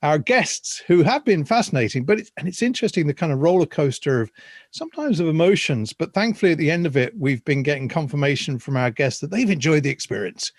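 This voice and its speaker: A man's voice: on the high side, lively intonation, quick pace, no room sound. Man, podcast host, rambling, hesitant, reflective, dry close sound. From Ireland. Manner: rambling, hesitant, laughs easily. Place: video call.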